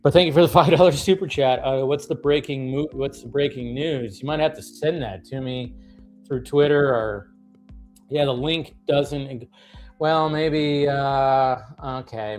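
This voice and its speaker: A man's voice: medium pitch, unhurried, a little mellow, faint music behind. A man hosting a livestream, ranting casually with many fillers and restarts, sounding exasperated. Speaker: livestream host.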